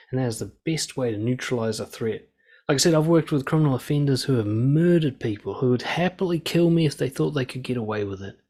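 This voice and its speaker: A man in his thirties, a coach giving blunt, calm advice and swearing freely. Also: mid-range voice. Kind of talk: casual advice talk.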